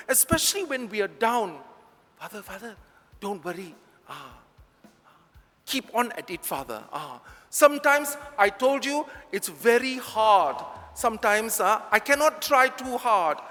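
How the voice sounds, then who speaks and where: A man's voice: sits high, fairly bright tone, in a large hall. A priest with a Malaysian English accent, giving a chatty, joking homily straight to his congregation in a large church.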